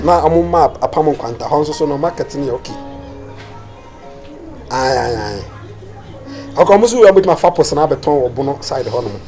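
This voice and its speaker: An actor playing a husband who rambles defensively, with a Ghanaian accent. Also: male voice, on the high side, a little mellow. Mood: phone chatter. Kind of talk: Ghanaian comedy film acting.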